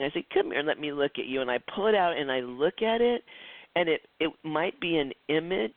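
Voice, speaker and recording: A man's voice: on the high side, no echo. A man teaching a psychic development class in a chatty lecture style, acting out quoted dialogue and often restarting his sentences. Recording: tinny phone-like lo-fi, dry.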